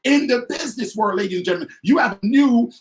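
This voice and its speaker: Fired-up high-pitched motivational speaker man. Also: animated, fast talker, slight background noise. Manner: emphatic, repeats phrases, swings from loud to quiet. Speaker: motivational speaker and business coach. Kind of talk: fired-up motivational talk to an online audience.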